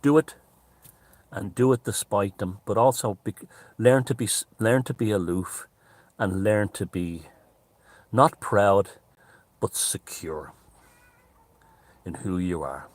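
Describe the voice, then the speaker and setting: A man with an Irish accent talking to camera in a rambling, animated monologue, swearing freely. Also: on the low side, slow, long pauses, no echo. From Ireland. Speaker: commentator. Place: outdoors near mountains.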